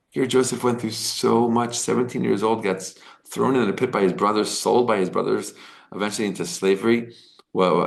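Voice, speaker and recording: A man's voice: on the low side, vocal fry. A man giving a casual, earnest Torah lesson, retelling the story with quoted dialogue and often asking "right?". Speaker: Torah teacher.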